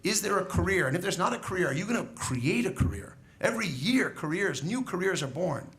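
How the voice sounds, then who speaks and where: A man addresses graduates from a stage in a commencement speech. His voice sits a little high and carries a gravelly rasp. He speaks emphatically, telling stories and putting rhetorical questions to the class. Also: big pitch swings, fairly quick, a bit bright. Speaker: school educator.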